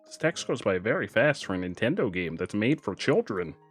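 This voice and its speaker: A man's voice: fairly low pitch, brisk, husky. A man casually commenting on a video game as he plays, joking and reading the on-screen text aloud. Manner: animated, jokey, reads game text aloud. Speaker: streamer. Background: faint game music.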